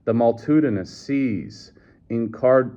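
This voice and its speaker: A man's voice: medium pitch, animated, measured pace, warm tone, lightly acted. A man reading aloud, voicing an earnest, emotional young man with an old-fashioned way of talking. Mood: anguished. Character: earnest, anguished young man raised apart. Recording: dull lo-fi recording.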